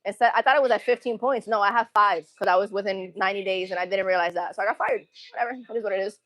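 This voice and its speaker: A woman's voice: mid-range voice, racing, few pauses, fairly bright tone, no room sound. A woman livestreaming from a gym between sets, chatting casually and rambling in laid-back slang as she answers her chat.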